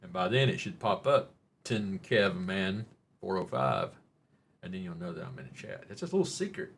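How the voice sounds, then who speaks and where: A man with a Southern Oklahoma drawl hosts a loose live stream chat, wandering from topic to topic and teasing his viewers in a folksy way. His voice sits a little low. A faint hum of noise runs underneath. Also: moderate pace, gravelly, fairly bright tone. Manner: rambling and folksy, jokes with chat, says y'all.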